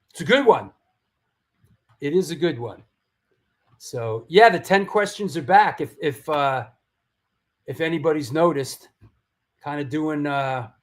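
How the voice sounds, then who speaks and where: A man's voice: on the high side, fairly bright tone. A man hosting a live hardcore music stream, chatting casually, rambling and swearing. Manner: rambling, swearing, restarts and storytelling asides.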